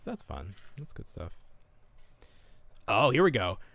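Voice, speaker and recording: A man's voice: fairly low pitch, very animated, slow, vocal fry, a bit bright, no room sound. A man co-hosting a podcast in casual chat, rambling through half-finished thoughts with lots of fillers. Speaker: podcast co-host.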